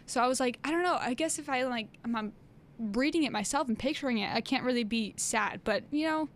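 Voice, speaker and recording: Easygoing young woman, slightly high voice. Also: brisk, a little hiss or hum. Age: young adult. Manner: easygoing, many fillers and backchannels. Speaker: podcast co-host. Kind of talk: casual chat.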